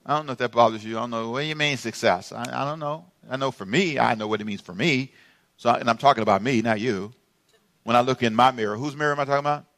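A man's voice: mid-range voice, a bit bright. A middle-aged male pastor preaching a sermon in a humorous, playful way, drawing responses from the congregation.

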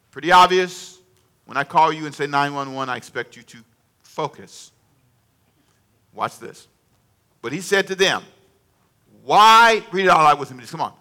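A male preacher giving a lively sermon, calling out questions to the congregation and acting out dialogue with sudden drops and rises in volume. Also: fairly high pitch, moderate pace, pauses often, clear, resonant tone. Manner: animated, call-and-response with congregation; acts out dialogue with varied volume.

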